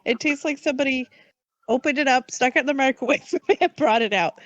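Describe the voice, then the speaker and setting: Wry woman co-host with a high voice. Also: fairly quick, no echo, lo-fi sound. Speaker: podcast co-host. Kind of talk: casual podcast chat.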